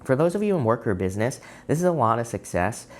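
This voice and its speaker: Man, tarot reader, casual chat to camera, mid-pitched voice, loose and filler-heavy, sudden upward pitch jumps. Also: very animated, fast talker.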